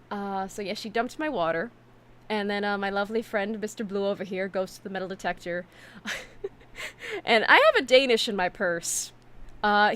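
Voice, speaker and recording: Chatty woman streamer telling stories. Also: medium pitch. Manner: chatty, animated storytelling with many fillers. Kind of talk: casual chat stream.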